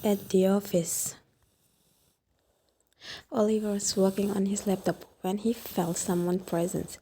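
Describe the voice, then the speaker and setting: A woman narrating a fan fiction story in a soft, even storytelling manner. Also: medium pitch, a little slow, a little hiss or hum.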